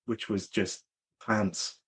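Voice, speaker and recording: A man's voice: fairly low pitch, little pitch movement, slow pace, a bit bright, slightly rough. A man, a guest on a casual film podcast, laid-back and dry.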